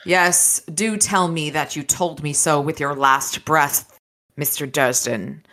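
A cool, dry crime boss who never raises his voice, read aloud by a woman. The voice sits low and comes across forceful and sharp, and it stays level and unhurried even under threat. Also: full character voice. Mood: dry calm. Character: dry, calm adult male crime boss.

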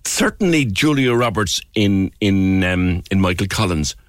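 Animated Irish man, scathing. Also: sits low, unhurried, no room sound, studio quality. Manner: exasperated, scathing, chatty. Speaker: radio host. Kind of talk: opinionated radio chat.

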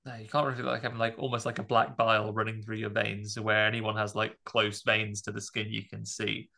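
A man's voice: lowish voice, monotone, a little fast, vocal fry, sharp tone. A man co-hosting a podcast, chatting casually and animatedly retelling horror film scenes. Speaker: podcast co-host.

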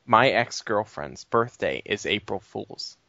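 A man's voice: on the low side, animated, slow, gravelly, bright, forceful tone. A brash man riffs on a late-night podcast, joking, bragging and cursing casually. His voice comes through a dull, lo-fi recording in a dry room with no echo. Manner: brash, joking, swears freely. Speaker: podcast co-host. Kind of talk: casual chat.

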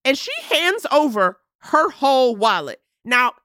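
A woman's voice: sits high, a little slow, no room sound. An emphatic woman in casual recap chat, her voice leaping up and down as she acts out characters. The sound is dry and close, with no room around it. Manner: animated and emphatic, voices characters while retelling. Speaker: podcast co-host.

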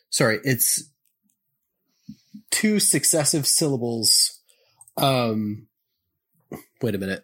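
A man hosting a podcast, casually explaining poetry in a halting way, often clearing his throat and correcting himself. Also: medium pitch, a bit bright.

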